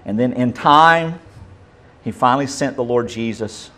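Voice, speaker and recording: A male pastor, preaching a sermon and swinging between loud and soft. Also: mid-range voice, a little slow.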